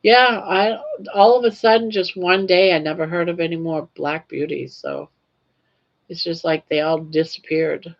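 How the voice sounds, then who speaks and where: A woman's voice: on the low side, steady tone, moderate pace, gravelly, dull audio. An older woman hosting a casual livestream, telling stories in a chatty way and laughing often. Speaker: livestream host. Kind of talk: casual chat.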